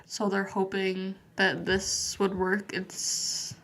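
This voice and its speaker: Nervous young woman with flat speech. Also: mid-range voice, takes it slowly. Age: young adult. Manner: nervous, hesitant, many fillers. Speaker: guest. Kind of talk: interview.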